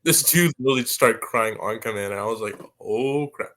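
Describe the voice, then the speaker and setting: A man's voice: lowish voice, expressive, fast, a bit bright. A young man co-hosting a casual podcast chat, giving blunt, offhand opinions. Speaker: co-host.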